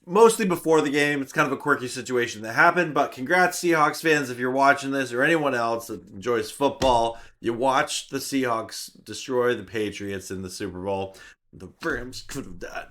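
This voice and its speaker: A man with a YouTube channel, telling a personal story in an animated, self-mocking way. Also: medium pitch, moderate pace. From Canada. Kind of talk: vlog storytelling.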